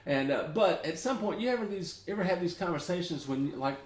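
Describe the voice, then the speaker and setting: Southern US man, middle-aged, slightly high voice, rambling folksy ukulele teacher, echoey home room. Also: expressive, brisk. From Memphis, Tennessee. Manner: rambling, folksy, chuckles often. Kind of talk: casual chatty tutorial. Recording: roomy echo.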